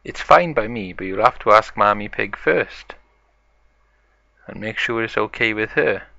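A man's voice: on the low side, animated, measured pace, vocal fry, sharp tone, no room sound, muffled recording, full character voice. A man voicing an easygoing father pig in a toy-play story. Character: good-natured father pig.

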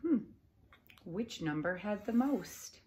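A woman teacher giving a recorded lesson to young children, patient and encouraging, clapping out syllables and sometimes dropping to a soft whisper. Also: medium pitch, animated. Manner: slow, patient and encouraging, claps and taps out syllables.

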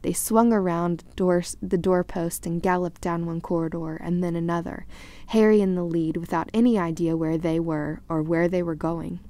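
Woman audiobook reader, low, mellow, animated storytelling. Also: moderate pace, no echo. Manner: lively read-aloud with small slips corrected. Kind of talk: storybook read-aloud narration.

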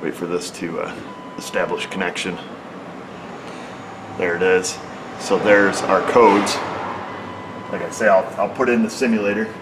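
A man's voice: sits low, fairly even intonation, measured pace, long pauses, noisy background. A man working on a car, explaining a repair step by step in a plain, hands-on way. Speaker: auto repair technician. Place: car repair shop, at the vehicle.

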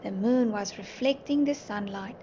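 A woman teacher reading a storybook aloud to toddlers, gentle and clear. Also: medium pitch. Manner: gentle, slow, clearly sounding out words. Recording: muffled, faint hiss.

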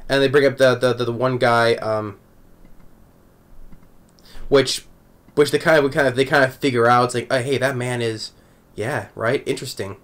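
A man's voice: mid-range voice, steady tone, normal speed, pauses often, a bit bright. A man recapping an anime episode in a casual, rambling way, chuckling often between thoughts. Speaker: anime reviewer.

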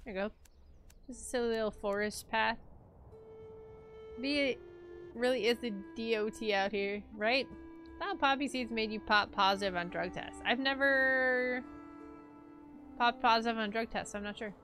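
A woman's voice: a little high, moderate pace, pauses often, fairly bright tone. A young woman streaming a game, chatting playfully with her viewers and herself as she plays. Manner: chatty, playful, talks to herself and chat while playing. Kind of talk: casual game-stream chat. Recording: faint music behind.

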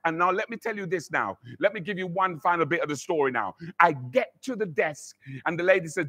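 A man's voice: sits high, expressive, a little fast, bright, forceful tone. A man preaching a sermon as pastor, telling a story and acting out the voices in it, with many repeated words. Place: church.

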